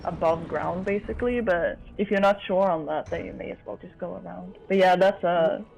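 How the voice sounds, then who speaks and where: A man's voice: high voice, normal speed, creaky, a little mellow, highs cut off. A man co-commentating a speedrun live, friendly and giggly, explaining the game. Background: music.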